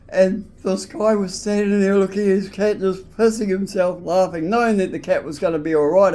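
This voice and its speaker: Man, casual anecdote, rambling, higher voice. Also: a little mellow. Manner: rambling, with restarts and "so anyway".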